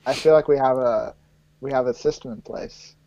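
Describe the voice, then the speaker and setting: Mellow, teasing podcast co-host man. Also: medium pitch, steady tone, dry recording, poor audio. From United States. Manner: teasing, quick to laugh. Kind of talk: casual chat.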